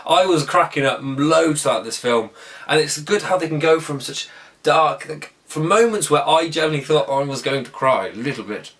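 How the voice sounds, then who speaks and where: A man's voice: fairly high pitch, animated, normal speed, a bit bright, recorded from a distance. A man giving a casual, enthusiastic film review, rambling and often correcting himself mid-sentence. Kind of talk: casual spoken movie review.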